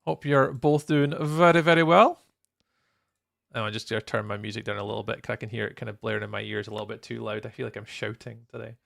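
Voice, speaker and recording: A man's voice: fairly low pitch, fast talker, vocal fry, a bit bright. A young Scottish man streaming a game build live, chatting casually, greeting viewers by name and laughing often. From Scotland.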